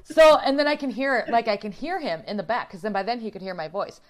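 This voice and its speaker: A woman telling a story in casual chat, animated, laughing often and swearing freely. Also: a little high, quick pace.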